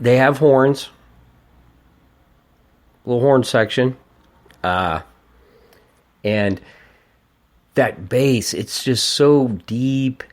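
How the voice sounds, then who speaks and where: Slow-talking profane male podcast host. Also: mid-range voice. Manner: profane, rambling and enthusiastic. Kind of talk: casual podcast album review.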